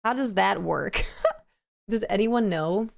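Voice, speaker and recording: Woman streamer, casual gameplay chat, bubbly and chatty, mid-pitched with some vocal fry. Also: takes it slowly. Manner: bubbly, easily delighted, chatty.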